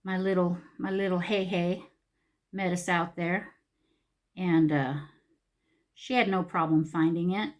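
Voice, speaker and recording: A woman's voice: lowish voice, steady tone, unhurried, pauses often. A middle-aged woman, chatting animatedly and full of fillers while she does her makeup for a get-ready-with-me video. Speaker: beauty vlogger.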